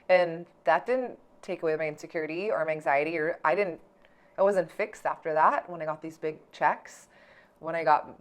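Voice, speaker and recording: A young woman vlogging casually about her own life, peppering her talk with "like" and swearing freely. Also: on the low side. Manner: chatty, heavy use of "like", swears freely. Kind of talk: casual personal storytelling.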